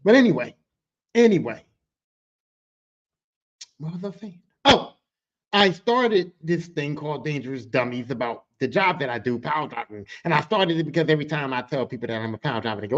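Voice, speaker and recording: A man hosting his own podcast in a casual, animated monologue, joking and swearing freely as he tells stories about his work. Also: fairly high pitch, fast talker, muffled recording. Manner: animated, profane, joking storyteller. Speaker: podcast host. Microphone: podcast microphone.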